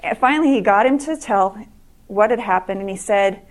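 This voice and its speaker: A middle-aged woman giving an earnest talk to an audience, telling true stories in a halting way with many restarts. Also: mid-range voice.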